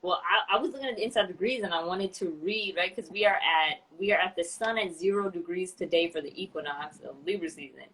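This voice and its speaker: A woman with a slightly low voice co-hosts a casual astrology conversation. She speaks in a measured, explanatory way. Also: fairly bright tone, husky, low-quality recording. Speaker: podcast co-host and astrologer. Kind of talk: casual spiritual chat.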